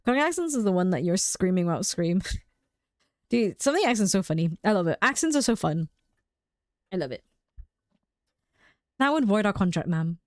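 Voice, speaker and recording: A woman's voice: mid-range voice, sing-song, brisk, long pauses, no echo, studio quality. A young adult woman streaming a game live, rambling and chatting casually with frequent laughs.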